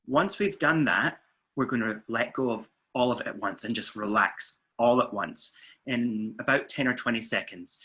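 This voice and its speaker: Man, coach, bright forceful voice, calm steady instructions, counting aloud. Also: medium pitch, normal speed, breathy edge. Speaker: weight-loss coach. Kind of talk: guided relaxation instructions. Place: indoors, filming himself.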